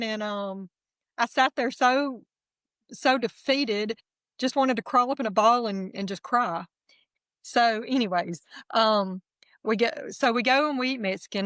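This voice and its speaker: A middle-aged woman, candidly telling her personal testimony as a guest in a lively, self-deprecating way. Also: mid-range voice, no room sound.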